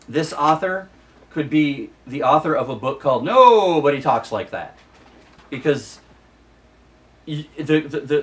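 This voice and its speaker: A man's voice: medium pitch, far from the mic. A man hosting a casual book review vlog, ranting with exasperation and repeating himself for emphasis. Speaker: book vlogger.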